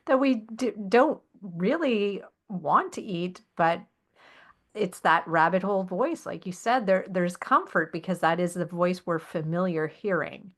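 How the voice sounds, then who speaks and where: A woman's voice: on the low side, measured pace, fairly bright tone. A woman podcast host responding to her guest, affirming and reflective. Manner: affirming, reflective, many "mm" and "yes". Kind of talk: conversational podcast interview.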